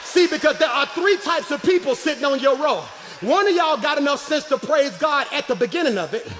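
Male pastor, 40s, high-pitched shouting call-and-response preacher in a church sanctuary. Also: expressive, a little fast, in a large hall, a little hiss or hum. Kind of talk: live sermon.

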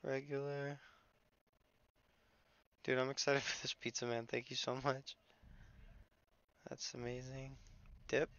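A young man streaming a video game live, chatting casually and excitedly with viewers and teammates, swearing now and then. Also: mid-range voice, slow, pauses often, clear, resonant tone, no echo, muffled recording. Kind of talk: casual live gameplay commentary.

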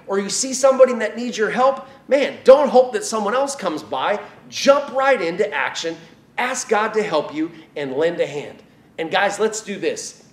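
A man, a children's pastor, telling a Bible story to kids in an upbeat way, speaking to them directly, then leading a prayer. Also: a little high. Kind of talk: kids' Bible lesson and prayer. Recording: echoey room.

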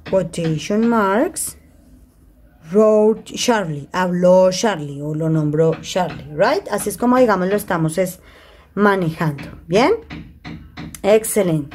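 This mid-range, darkish female voice belongs to a native Spanish speaker teaching English grammar online in a Spanish accent. She reads sentences aloud as examples and switches to Spanish for explanations, recorded via a computer mic on a video call.

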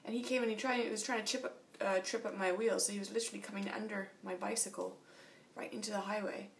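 A woman's voice: medium pitch, steady tone, fast talker, gravelly, recorded from a distance, slight background noise. A tired woman chatting casually in a video diary about her cycling trip, laughing often, in a small motel room. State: tired after a long flight. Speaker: long-distance cyclist vlogging.

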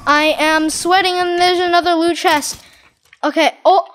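A woman giving excitable, dramatic commentary over her Minecraft gameplay, exclaiming and repeating herself. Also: very high voice, takes it slowly. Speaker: gaming channel host.

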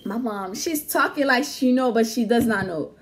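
A young woman telling a story in casual chat, animated and slangy, laughing often. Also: a little high, normal speed. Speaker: vlog host.

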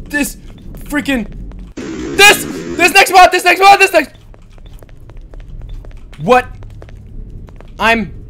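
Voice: high voice, big pitch swings, drawn-out words, long pauses, bright, forceful tone, a little hiss or hum. A gaming channel host giving panicked let's-play commentary, shrieking and repeating words over and over. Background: game music.

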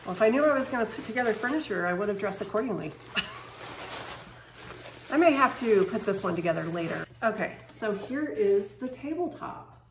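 A woman with a drawl talks casually as she unboxes decor, gushing and excitable with sudden bursts of surprise. Her voice sits at an ordinary middle pitch. It bounces around an echoey room over a faint hiss. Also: normal speed. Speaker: lifestyle vlogger unboxing home decor. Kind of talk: casual unboxing chat to camera.

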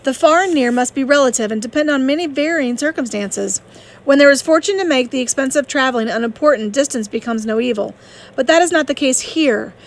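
A woman reading the part of a witty, sharp-tongued young woman in an audiobook, brisk and pointed. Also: high voice.

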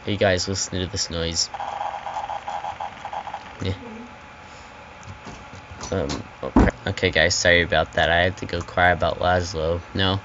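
Male let's-player, lowish voice, rambling and panicky, with game audio loud in the mix. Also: little pitch movement, unhurried, pauses often, dull audio. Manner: rambling, yelps and repeats words when panicked. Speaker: gaming channel host. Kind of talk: casual let's-play commentary. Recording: loud game noise behind the voice.

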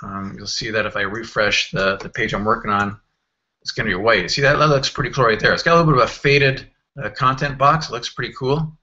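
A man walking through a software screen tutorial in a casual, think-aloud way, with fillers and self-corrections. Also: medium pitch, steady tone, brisk, lo-fi sound. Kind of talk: screen-recorded software walkthrough.

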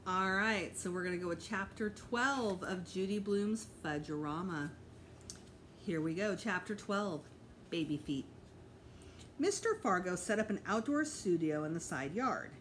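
Lively woman reading a storybook aloud. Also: on the low side, measured pace, slight background noise. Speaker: elementary school teacher. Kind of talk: reading a chapter book aloud to children.

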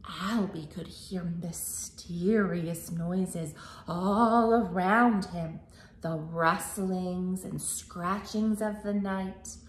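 A woman reading a picture book aloud to children as librarian, animated and singsong, asking them questions, in an echoey room. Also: lowish voice, extremely slow, a little hiss or hum.

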